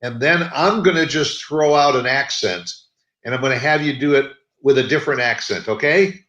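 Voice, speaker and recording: A man hosting a talk show over a video call, easygoing with halting restarts. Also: medium pitch, a bit bright, muffled recording. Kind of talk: casual interview talk. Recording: echoey room on video call.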